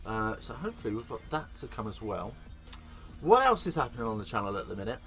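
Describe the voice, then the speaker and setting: Male host, bright tone, excitable live commentary, faint music behind. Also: medium pitch, fast. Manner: chatty, excitable, swears casually. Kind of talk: live watch-along commentary.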